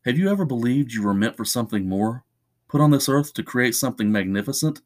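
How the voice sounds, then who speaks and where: A man reading the part of a quiet, troubled young man in his twenties, speaking softly and hesitantly. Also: mid-range voice, expressive, fast, lightly acted. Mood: earnest. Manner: soft, hesitant.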